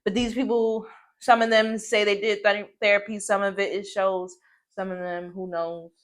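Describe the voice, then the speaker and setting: A woman co-hosting in casual chat, measured and slowing down to make her points. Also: medium pitch, flat delivery. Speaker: co-host.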